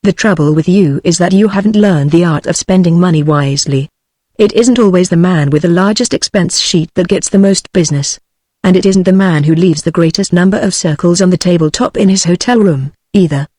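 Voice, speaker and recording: A sharp-tongued businesswoman boss scolding a salesman, voiced by a text-to-speech reader. The delivery stays mechanical and even, with a dry, close sound. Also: mid-range voice, a little fast, no room sound, close to an everyday voice. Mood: stern.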